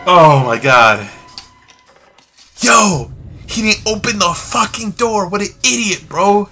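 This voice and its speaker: A man doing let's play commentary on a horror game, swearing constantly in slang and yelling when he panics. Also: high voice, expressive, slow, faint music behind. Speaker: gamer playing a horror game.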